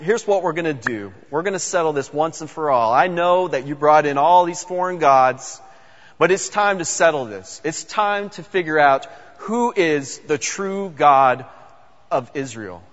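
A man's voice: on the high side, animated, measured pace. A man voicing the prophet Elijah as a confident adult man, in casual modern phrasing with repeated words, recorded dull in a long-reverb hall. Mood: assured.

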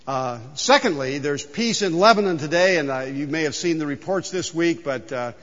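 A man preaching a sermon as pastor in a church, telling a folksy story with lively exclaimed punchlines. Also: a little high, normal speed, big-room sound, lo-fi sound. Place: church sanctuary.

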